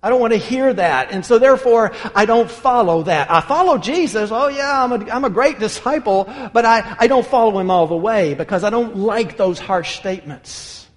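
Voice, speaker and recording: A man's voice: sits high, lively intonation, normal speed, few pauses. A man voicing a breezy, self-excusing male churchgoer who makes light of hard teachings. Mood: smug, dismissive. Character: smug half-hearted male churchgoer. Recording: long hall reverb.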